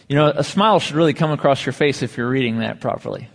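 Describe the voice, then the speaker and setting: A pastor delivering a sermon, drawing out key phrases slowly and asking the congregation rhetorical questions. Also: male voice, medium pitch, gravelly, big-room sound. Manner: measured preaching with slow emphatic phrases and rhetorical questions.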